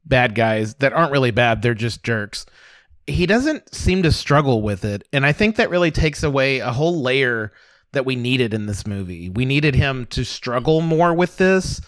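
A man co-hosting a movie podcast, giving a thoughtful, measured critique in casual conversation. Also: medium pitch, expressive, dry recording, studio quality. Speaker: podcast co-host reviewing movies. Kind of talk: casual chat.

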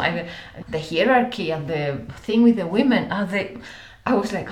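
A woman, telling stories as an interview guest in a lively way, acting out voices and using many fillers. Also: fairly low pitch, normal speed, echoey room. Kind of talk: conversational storytelling.

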